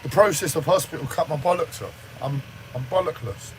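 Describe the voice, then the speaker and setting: Man, raw swearing rant, slightly high voice, faint noise behind. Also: brisk, poor audio. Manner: swears heavily, agitated and raw. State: shaken, says he speaks like he is in shock. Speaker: livestreamer. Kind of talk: angry personal rant. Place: standing in front of a camera.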